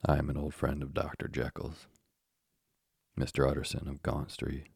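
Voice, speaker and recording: A man's voice: extremely low pitch, monotone, moderate pace, vocal fry, darkish tone, breathy edge, dry recording, clean studio sound, full character voice. A man reading as a courteous old lawyer. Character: older gentleman lawyer, polite and perplexed. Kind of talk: audiobook character reading.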